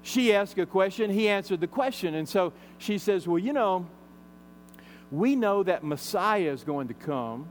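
A man's voice: high-pitched, animated, a little slow, a little hiss or hum. A man preaching a sermon, retelling a Bible story in a conversational manner with frequent fillers.

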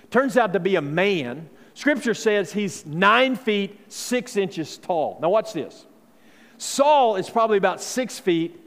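A man preaching a sermon, telling the story in a folksy way and acting out the characters. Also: high-pitched. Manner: folksy, acts out quoted voices, many fillers. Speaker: pastor. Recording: long hall reverb.

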